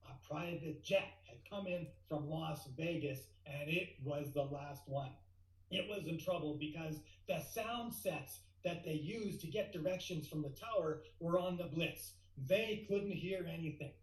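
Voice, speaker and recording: Man, tall tale speech, animated storyteller, fairly high voice, roomy echo. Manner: lively storyteller, building to excited outbursts. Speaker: guest speaker at a speaking club.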